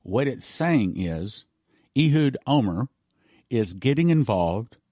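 A man hosts a prophecy talk show, and he works through the news in an earnest, deliberate way, reading articles aloud and spelling out names. His voice sits at an ordinary middle pitch. The recording is dry and close. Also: big pitch swings, mellow, no room sound. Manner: earnest, lays out points slowly and spells words out.

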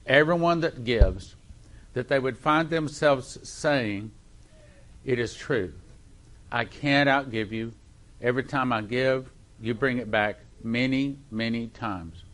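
A man's voice: mid-range voice, slow pace, a bit bright. A man, a pastor, leading an earnest, fervent spoken prayer over an offering.

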